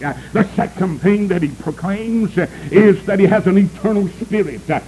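A man preaching a revival sermon, breaking into sudden high shouted cries and saying "uh" before nearly every phrase. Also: normal speed, a little hiss or hum, rough recording.

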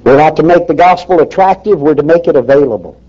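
A man's voice: fairly high pitch, expressive, fast, warm tone. A man preaching a fiery sermon in an emphatic, folksy way, firing rhetorical questions at the congregation. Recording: dull lo-fi recording.

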